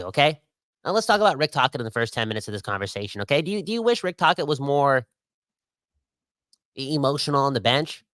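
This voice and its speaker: Animated man ranting as co-host. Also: medium pitch, fast, no room sound. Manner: animated, ranting, exclaims often. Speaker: podcast co-host. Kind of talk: casual sports podcast chat.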